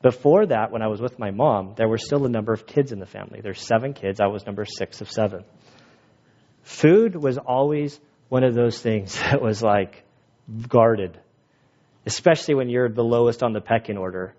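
A man preaching a sermon and telling his own stories in an animated, jokey way, laughing at his own stories. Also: medium pitch, moderate pace, dull audio. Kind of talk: sermon with personal storytelling.

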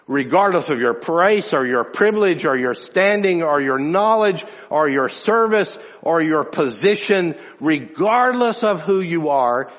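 A fairly high-voiced male pastor preaches to his congregation, conversational but emphatic, often doubling back on his words. His voice rings out in a big church hall with a long reverb tail, and the recording sounds a little dull and muffled. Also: animated, normal speed, few pauses, a bit bright. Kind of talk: sermon. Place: church sanctuary.

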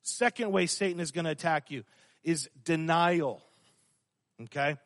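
A man's voice: on the high side, measured pace, fairly bright tone. A male pastor preaching a sermon, emphatic and full of rhetorical questions to his congregation. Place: church. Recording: long hall reverb.

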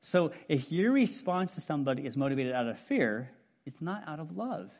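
A man in his fifties preaching a sermon in a conversational, animated way, often checking in with "right?". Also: a little high, moderate pace. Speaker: pastor.

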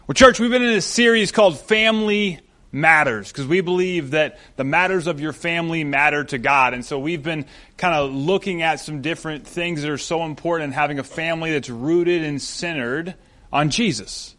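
A man preaching a sermon as pastor, in a conversational, animated storytelling manner. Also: a little high, moderate pace.

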